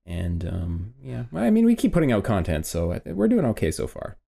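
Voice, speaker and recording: A man's voice: on the low side, huge pitch swings, vocal fry, warm tone, husky. A man co-hosting a gaming podcast, chatting casually with a wry, joking manner. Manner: wry, joking, drawn-out metaphors. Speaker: podcast co-host.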